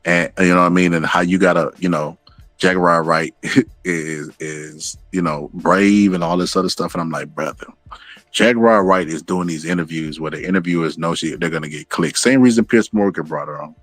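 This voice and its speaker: A man's voice: low voice, normal speed, a bit bright, no room sound. A man hosting a casual commentary, rambling and swearing as he talks through stories and acts out what others said. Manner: rambling and profane, acts out quotes. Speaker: commentary channel host.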